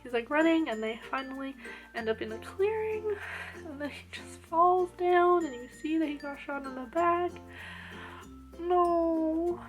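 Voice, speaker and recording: A woman's voice: high voice, moderate pace, faint music behind. A young woman gushing through an anime episode review in casual chat, full of "like" fillers. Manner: gushing and animated, lots of "like" fillers.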